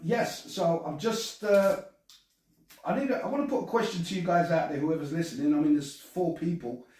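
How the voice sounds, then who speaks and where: A man's voice: fairly high pitch, dark tone, heavy reverb, far from the mic, rough recording. A man from England, chatting alone on a live stream and reading out comments, rambling and stammering. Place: at home, alone.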